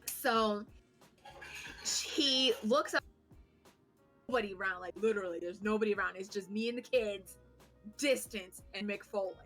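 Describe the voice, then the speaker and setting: Female podcast co-host, bright and high-pitched, animated, swears and laughs at herself, faint music underneath. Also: normal speed, pauses often. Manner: animated, swearing, self-mocking storyteller. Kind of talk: casual storytelling chat.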